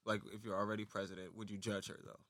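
A young man co-hosting a casual podcast, laid-back and slangy, quick to laugh. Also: on the low side, flat delivery, a bit bright, no room sound, clean studio sound. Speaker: podcast co-host. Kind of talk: casual chat.

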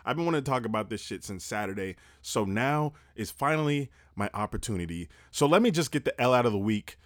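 A man's voice: medium pitch, expressive, fairly quick, no echo, clean studio sound. Profane young man ranting about sports. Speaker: podcast host. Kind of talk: casual sports podcast rant.

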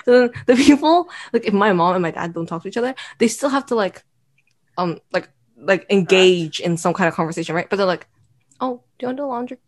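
A woman's voice: medium pitch, brisk. Reflective young woman, casual chat. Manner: hesitant, reflective, many fillers. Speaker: podcast co-host.

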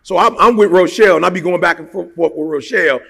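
A man's voice: high voice, fast talker, gravelly, pushed and bright, slightly rough. A man giving a motivational talk to an audience, speaking emphatically in slangy, conversational language and firing off rhetorical questions. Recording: long hall reverb.

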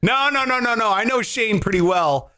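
A man hosting a comedy podcast, telling odd news stories in a joking, animated way and often laughing. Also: very high voice, normal speed. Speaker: podcast host. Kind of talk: casual comedic news chat.

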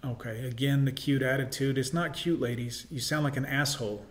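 A man's voice: mid-range voice, steady tone, brisk. A man giving blunt, opinionated reaction commentary in a lecturing tone.

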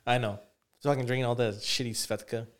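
A young man talks fast in a loose, rambling way, swearing constantly as he tells stories. His pitch sits in an ordinary middle range for a man. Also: fairly even intonation. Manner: profane, rambling storytelling. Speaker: podcast co-host. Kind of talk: casual chat.

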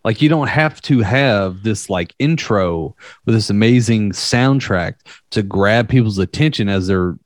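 A man's voice: fairly low pitch, unhurried, hardly any pauses, dry recording, clean studio sound. A young man in casual podcast chat, rambling with lots of fillers.

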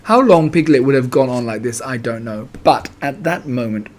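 A man reading a children's story aloud in a gentle, expressive way. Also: mid-range voice, normal speed.

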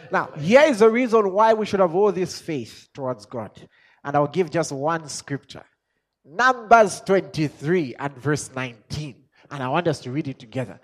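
A man preaching a sermon as an apostle, chuckling and asking himself questions as he builds from quiet musing to shouted exhortation. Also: a little high, animated, moderate pace. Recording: long hall reverb.

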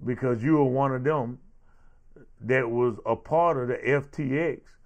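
A man's voice: mid-range voice, measured pace, a little mellow, lo-fi sound. A man hosting a show, giving heated, sarcastic political commentary with a lot of repetition. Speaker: show host.

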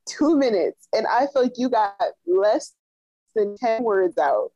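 Woman, podcast co-host, teasing, exasperated, slightly high, dry sound. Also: lively intonation, a little slow, mellow, dry recording, dull audio. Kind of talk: casual chat.

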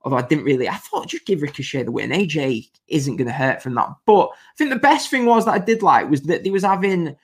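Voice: medium pitch, sing-song, brisk, hardly any pauses, breathy edge. A podcast host, giving casual, opinionated commentary that rambles and restarts mid-sentence in an exasperated way.

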